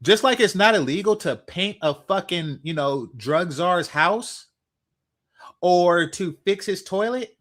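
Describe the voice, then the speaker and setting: A man's voice: high voice, animated, takes it slowly, fairly bright tone. A man giving heated, profane commentary, repeating himself and swearing as he rants.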